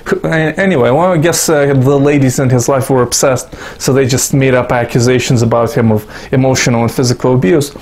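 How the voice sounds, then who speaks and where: A man's voice: medium pitch, fairly even intonation, fairly quick, hardly any pauses, a little mellow. A Russian-born man giving rambling, sarcastic commentary to his YouTube audience, swearing constantly and making self-mocking asides. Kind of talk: profane casual commentary to camera.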